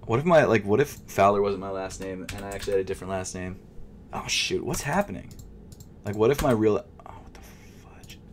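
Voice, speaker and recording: A man with a lowish voice talking to himself as he shops online for sneakers. He swings from loud frustrated outbursts to under-the-breath whispers, casual and unscripted. A faint hiss of noise sits under the voice. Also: animated, fairly quick. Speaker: sneaker vlogger. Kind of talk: casual live commentary.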